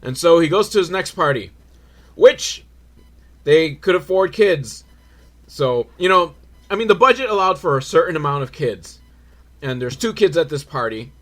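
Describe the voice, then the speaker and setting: A man's voice: a little high, expressive, moderate pace, fairly bright tone. A man giving a comedic movie recap, rambling and sardonic, with crude jokes and frequent swearing.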